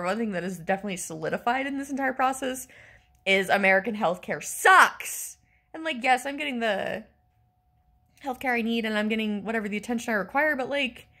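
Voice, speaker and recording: A woman in her twenties telling an exasperated, animated story as a casual vlog rant, full of fillers. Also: medium pitch. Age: 20s. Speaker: vlogger.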